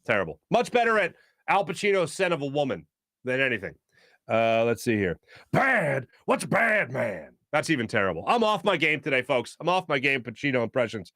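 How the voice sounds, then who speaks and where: Chatty sports show host, close and dry. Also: male voice, mid-range voice, sing-song, fast, fairly bright tone, no echo. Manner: chatty, jokey, hums filler tunes and tries celebrity impressions. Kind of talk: casual live-stream chat reading viewer comments.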